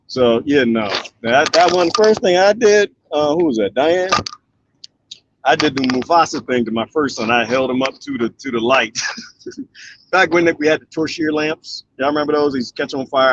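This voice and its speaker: A man's voice: mid-range voice, lo-fi sound, background noise. A middle-aged man casually chatting while reading viewer comments, laughing often and acting out quotes. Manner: animated, laughs often, mimics voices in quotes. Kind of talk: casual live comment chat.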